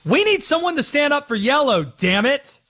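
Man, sports talk radio host, high pitch, very lively intonation, playful ranting. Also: moderate pace.

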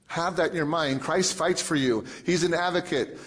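A male pastor preaching a sermon, emphatic, with lots of repetition and big swings between loud and soft. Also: a little high, normal speed.

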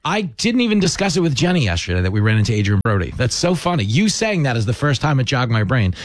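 An American man TV host chatting casually, emphatic and animated as he makes his points. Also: mid-range voice, fast talker, no room sound. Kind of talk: casual chat.

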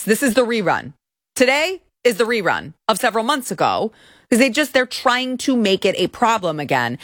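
A woman's voice: medium pitch, fairly bright tone, dry recording, clean studio sound. A woman hosting an opinion show, talking with sarcasm and indignation, sometimes mocking people in put-on voices. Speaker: commentary show host. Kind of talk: opinionated political commentary.

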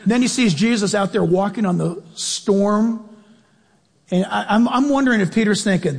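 A man preaching a sermon to his congregation, animated and playful, often firing questions straight at the listeners. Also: sits high, normal speed, creaky, husky, in a large hall. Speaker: pastor.

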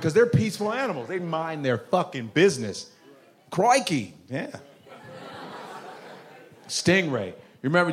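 A man from Chicago doing profane, animated stand-up comedy, telling stories. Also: on the high side.

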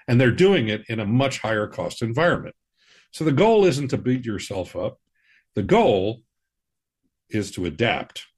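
A man hosting a money podcast, explaining personal finance in a measured, reassuring way. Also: mid-range voice, slightly rough. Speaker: financial advisor, podcast host. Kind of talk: scripted personal-finance talk.

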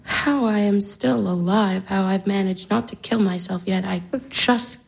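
A woman's voice: medium pitch, unhurried, vocal fry, slightly rough, rough recording. An actress in her twenties playing a despairing young woman, anguished, sighing and whispering. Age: 20s. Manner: anguished, breaking into sighs and whispers. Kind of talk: stage drama acting.

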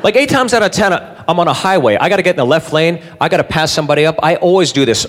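A man doing a stand-up routine, lively, with shouted sound effects and questions to the audience. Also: a little high, fast talker, a little hiss or hum. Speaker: stand-up comedian. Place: live comedy club with audience.

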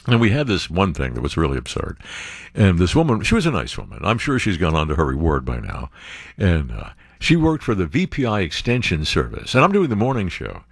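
An older man hosting a radio talk show, rambling and joking with asides and quick impressions. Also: deep voice, huge pitch swings, vocal fry, husky, no echo, studio quality. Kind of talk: casual talk radio banter. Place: radio studio.

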